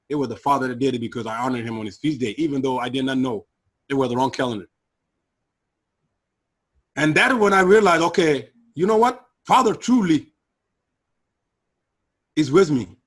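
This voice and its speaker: A man's voice: brisk, long pauses, slightly rough. Earnest man telling a personal testimony. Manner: earnest, emotional, drops low and quiet for hard memories. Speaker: guest sharing personal testimony.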